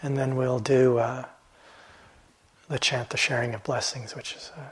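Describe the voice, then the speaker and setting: A man teaching meditation in a gentle, reflective dharma talk, halting often and letting phrases trail off softly. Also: mid-range voice, level tone, husky, rough recording. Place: meditation hall.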